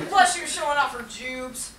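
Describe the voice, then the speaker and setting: Woman doing a crude rambly young dude, kinda high voice, echoey theater, mic far off, lots of noise. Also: exaggerated voice. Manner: rambling, filler-heavy, crude swearing. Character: brash crude young man chasing a date. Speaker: solo performer. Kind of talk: stand-up character monologue. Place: small theater with live audience.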